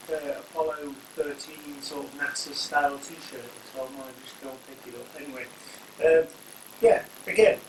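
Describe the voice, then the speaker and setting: A man's voice: a little high, a bit bright. A man hosting a casual, rambling spoken review full of jokey asides. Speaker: wrestling reviewer, channel host. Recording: echoey room, distant mic, faint hum.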